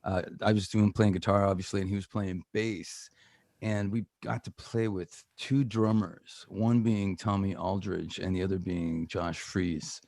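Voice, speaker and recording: Canadian man, middle-aged, guest in a casual chat; low-ish voice, animated storyteller, dry close sound. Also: a little slow, vocal fry, dry recording. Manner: animated storyteller who acts out quoted voices. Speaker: guest guitarist.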